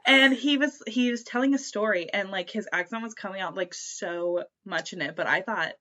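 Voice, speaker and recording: A woman's voice: medium pitch, normal speed, bright, forceful tone, highs cut off. A young woman co-hosting a podcast, chatting casually and giggling as she retells her conversations. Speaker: podcast co-host. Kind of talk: casual chat.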